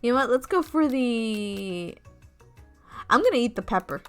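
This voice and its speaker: Giggly woman game streamer, high voice, foul-mouthed and rambling, faint music behind. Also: lively intonation, measured pace, clear, resonant tone. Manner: giggly, rambling, swears often. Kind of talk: let's play commentary with read-aloud game text.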